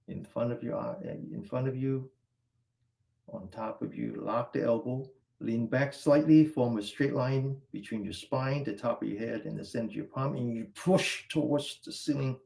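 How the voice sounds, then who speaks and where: Gravelly-voiced man leading qigong stretches. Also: medium pitch. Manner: calm step-by-step cueing of movements and breathing. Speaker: qigong instructor. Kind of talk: guided exercise class instruction.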